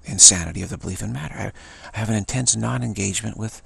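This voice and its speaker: A man's voice: fairly low pitch, racing, gravelly, fairly bright tone, breathy edge, no echo. A man giving an informal spiritual talk in a rambling, playful way, often repeating himself. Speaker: spiritual teacher.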